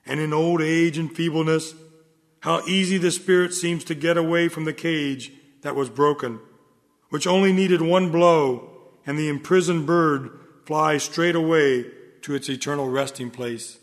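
A man delivering a solemn sermon in a measured, earnest manner. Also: a little high, fairly even intonation. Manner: solemn, measured, rises in fervor. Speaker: preacher. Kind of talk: sermon reading. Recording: long hall reverb.

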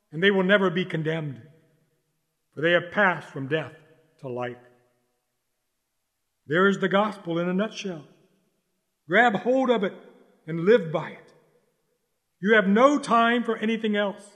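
A man preaching a sermon in an urgent, exhorting way, repeating key lines slowly for stress. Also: sits high, fairly bright tone, big-room sound.

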